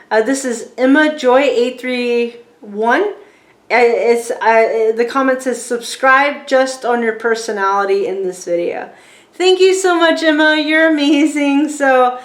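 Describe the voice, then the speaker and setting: Chatty Southern-tinged woman in an echoey room. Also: fairly high pitch. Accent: Southern American. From rural Virginia, USA. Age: 40s. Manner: rambling, chatty, lots of restarts and fillers. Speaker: YouTuber. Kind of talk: casual talking-to-camera book review.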